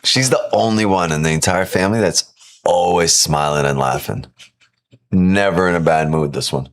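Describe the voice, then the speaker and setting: A man's voice: sits low, normal speed. A man hosting a live stream from home, chatting casually, playful and teasing, swearing freely. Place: at home with kids and a dog.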